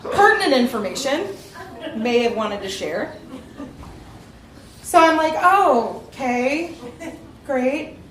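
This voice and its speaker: A woman with a Southern US accent tells a funny personal story to a live audience, laughing as she goes. Her voice sits a little high, and it rings in an echoey room over a faint hiss. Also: expressive, slow pace, pauses often. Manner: comic, laughing through her lines.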